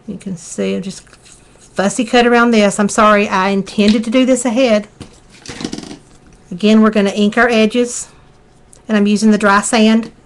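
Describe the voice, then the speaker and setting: A middle-aged woman with a Southern accent leads a live craft tutorial, chatting folksily as she works. Her medium-pitched voice stays steady at normal speed, broken by long pauses, with a little hiss or hum in the background.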